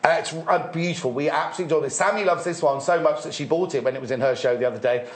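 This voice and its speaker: A chatty man hosting a live shopping show, reeling off prices between jokes. His voice sits a little high for a man. The sound carries the echo of a roomy studio. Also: very fast. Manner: chatty, lists prices, laughs easily. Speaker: shopping channel presenter. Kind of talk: live TV sales chat.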